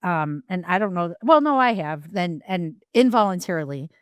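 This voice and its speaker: A woman's voice: on the low side, animated, moderate pace, smooth, no room sound. A woman co-hosting a podcast in casual chat, frank and rambling, with many ums and restarts.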